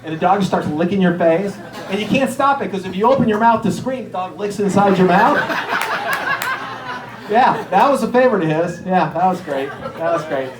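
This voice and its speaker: A middle-aged man from Erie, Pennsylvania, telling stand-up stories and acting out the people in them with sudden jumps in pitch. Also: normal speed, reverberant, crowd noise, rough recording. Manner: animated, acts out characters with jumps in pitch. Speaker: stand-up comedian. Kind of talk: stand-up storytelling.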